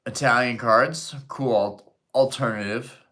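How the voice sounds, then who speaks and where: This young adult man's voice is mid-range, steady in tone and unhurried. He's hosting a live stream, reading the chat out loud and chatting casually with plenty of swearing.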